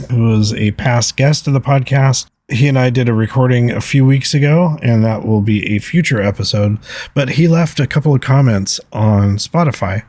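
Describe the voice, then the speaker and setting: A man's voice: mid-range voice, darkish tone, no room sound. A man hosting a podcast alone, speaking in an earnest, reflective way as he reads out listener comments. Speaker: podcast host. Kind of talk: solo podcast talk, reading listener comments.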